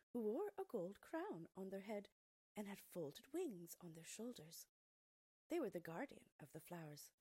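Woman storyteller reading a fairy tale, husky, with a lively melodic voice. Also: on the low side, no room sound. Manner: expressive, often dropping to a soft near-whisper.

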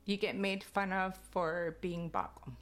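A woman's voice: on the low side, a little slow. A woman from Alert Bay with a Kwakwala-influenced accent in her English tells stories casually. She laughs often and says "like" a lot. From Alert Bay, British Columbia, Canada. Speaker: interviewee. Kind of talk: casual storytelling.

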